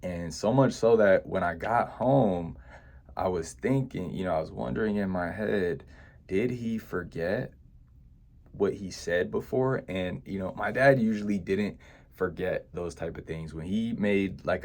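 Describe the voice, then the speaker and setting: A man's voice: deep voice, a little slow, creaky, darkish tone. A young man telling a personal childhood story to his viewers, reflective and full of "you know" fillers and restarts. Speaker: vlogger.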